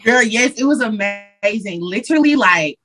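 A woman from Detroit, a Christian hip hop artist, chatting as a guest in an interview, lively and slangy, acting out what her friends say. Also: a little high, moderate pace, faint music behind, rough recording. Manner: animated, slangy, acts out quotes of friends. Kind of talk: casual interview chat.

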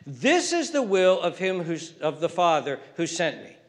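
Male preacher, high-pitched, very animated delivery, drops to whispers for emphasis. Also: measured pace. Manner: swings from loud emphatic calls to hushed whispers. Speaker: pastor. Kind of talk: sermon.

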